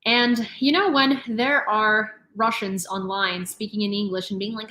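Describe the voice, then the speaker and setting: Young woman live-streaming the news, rambly and chatty, laughs a lot, mid pitch, roomy sound. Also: normal speed, few pauses, bright, forceful tone. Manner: chatty, rambling, laughs often, many fillers. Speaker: news channel host. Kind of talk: casual live-stream commentary. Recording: roomy echo.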